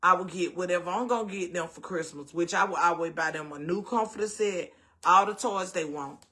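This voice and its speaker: A woman's voice: lowish voice, fairly quick, bright, forceful tone. A middle-aged woman with a Southern US accent, hosting a casual storytelling chat in a blunt, profane way and acting out the voices of people she quotes. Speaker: host.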